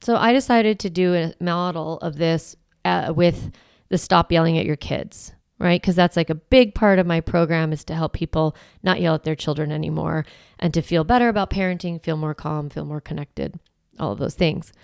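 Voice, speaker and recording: A woman's voice: low voice, normal speed, creaky, a little mellow, clear, resonant tone, no echo, studio quality. A woman who is a parenting coach and podcast host, talking in a chatty, encouraging way and often saying "like" and "right". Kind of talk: casual podcast monologue.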